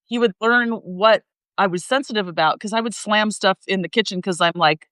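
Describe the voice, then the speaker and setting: Middle-aged woman, loud and passionate, rambling casual chat, dry close sound. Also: medium pitch, moderate pace, dry recording, rough recording. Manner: rambling, many fillers and restarts. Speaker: flight attendant sharing her story.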